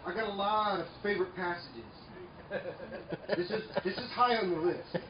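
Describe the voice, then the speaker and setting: A man preaching a sermon, emphatic, swinging between loud declarations and quiet asides. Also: high-pitched, background noise. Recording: echoey room, mic far off, dull sound, faint ambience.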